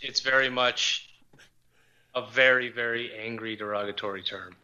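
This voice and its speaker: Pennsylvania man, very bright sharp tone, rambling anecdotes, dull lo-fi audio. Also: mid-range voice, fairly even intonation, moderate pace, smooth. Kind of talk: casual chat.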